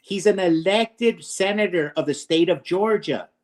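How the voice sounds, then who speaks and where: A man's voice: high voice, unhurried. A man lecturing and arguing in a heated political debate, combative and profane, firing off rhetorical questions.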